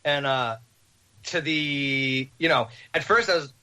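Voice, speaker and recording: A man on a podcast, telling a rambling, animated story with laughs. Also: mid-range voice, slow pace. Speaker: podcast host. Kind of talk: casual storytelling.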